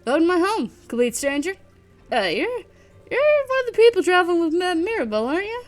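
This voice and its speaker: A woman's voice: extremely high pitch, big pitch swings, brisk, faint music behind, pitched above the performer's own voice. A woman voicing a male stranger in a game, using an exaggerated fake Italian accent. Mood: hammy. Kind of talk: streamer voicing game dialogue.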